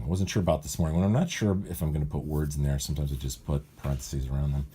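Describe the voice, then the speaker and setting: Male cartoonist with a very low, dark, husky voice who rambles and self-corrects as he explains his writing. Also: fairly even intonation, very fast, hardly any pauses. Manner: rambling, thinking aloud, often correcting himself. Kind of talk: casual walkthrough of his writing process.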